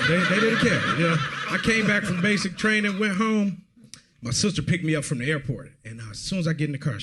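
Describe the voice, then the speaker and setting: A man from Detroit doing stand-up, telling a story animatedly and shouting the punchlines. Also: fairly high pitch, noisy background. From Detroit, USA. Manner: animated, laughing through punchlines, shouting quoted lines. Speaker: stand-up comedian contestant.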